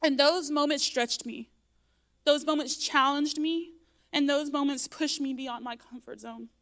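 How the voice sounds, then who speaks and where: A woman's voice: high voice, steady tone, measured pace, a bit bright. Earnest woman giving church testimony. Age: adult, raising young children. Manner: earnest, voice breaking with tears at times. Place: church sanctuary.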